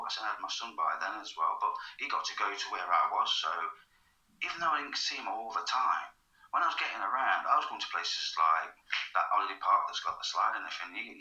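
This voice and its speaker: A man tells a personal story in a loose, rambling way, swearing freely and often asking "you know what I mean?". His voice is bright and sharp, and he sometimes drops to a half-whisper. He sounds set back from the mic in an echoey room, with a muffled, lo-fi tone. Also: lowish voice, recorded from a distance. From England. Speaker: vlogger. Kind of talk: casual storytelling monologue.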